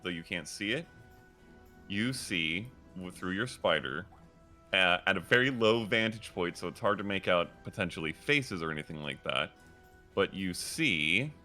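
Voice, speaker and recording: A man with a very low voice and a bright, forceful edge runs a tabletop game as dungeon master. He lays out each scene slowly and descriptively, pausing on fillers as he talks. Faint music plays behind him. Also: expressive. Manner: slow, descriptive scene-setting with frequent fillers.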